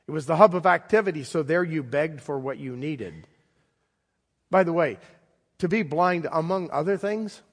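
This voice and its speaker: A man preaching a sermon in a conversational storytelling manner, with dramatic pauses. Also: on the high side. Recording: long hall reverb.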